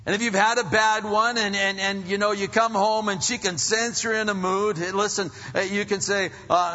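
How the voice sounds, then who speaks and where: A man preaching a conversational sermon to husbands, animated and acting out little bits of dialogue. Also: high-pitched, moderate pace, few pauses. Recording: muffled, reverberant hall.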